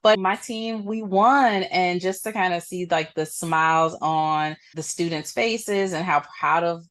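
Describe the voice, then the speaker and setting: A woman guest in a casual interview, bubbly, laughing easily and thinking out loud as she talks. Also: on the low side, fairly even intonation, measured pace. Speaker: interview guest, employment programs manager.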